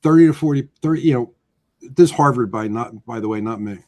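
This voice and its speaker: A man from New Jersey, a guest loan officer, telling stories with lively acted-out quotes. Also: a little fast. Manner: animated, acts out quotes with swinging pitch. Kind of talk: energetic storytelling chat.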